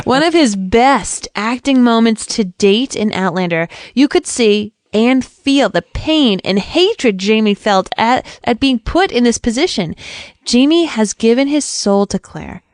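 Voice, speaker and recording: A chatty, giggly woman co-hosting a podcast, her voice sitting a little high. She reads out listener comments in a loose, conversational way. The recording is dry and close. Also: no room sound. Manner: giggly, chatty, laughs often. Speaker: podcast co-host. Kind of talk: casual chat reading listener feedback.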